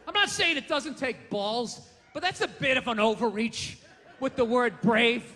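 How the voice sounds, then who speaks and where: A man doing a stand-up comedy set, ranting and mocking loudly, with profane punchlines. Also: very high voice, lively intonation, normal speed, big-room sound. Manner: ranting, mocking, loud and profane with acted quotes. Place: comedy stage before an audience.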